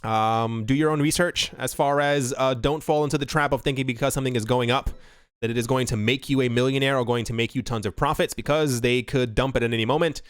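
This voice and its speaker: A man's voice: medium pitch, fairly even intonation, fast, smooth, no echo, studio quality. A man hosting a casual crypto news show, reading items and then rambling in chatty asides. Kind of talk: casual commentary.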